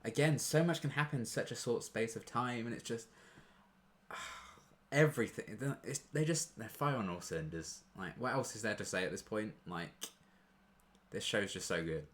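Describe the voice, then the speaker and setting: A man's voice: fairly low pitch, moderate pace, fairly bright tone. A young man chatting casually in a reaction video, rambling and gushing with restarts and fillers.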